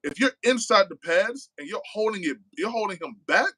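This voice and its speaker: A man's voice: high-pitched, lively intonation, moderate pace, a bit bright, no room sound, rough recording. A man hosting a casual live-stream podcast. He talks in a loose, slangy way, reads viewer comments aloud and tacks "man" onto his sentences. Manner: loose and conversational, reading chat aloud, slangy with frequent "man". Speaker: podcast host.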